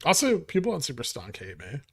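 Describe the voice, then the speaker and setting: A man's voice: on the high side, wildly swooping pitch, a little fast, gravelly, husky. A man hosting a live stock market stream, talking casually and reading chat aloud, with wry, profane, ranting asides. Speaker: livestream host.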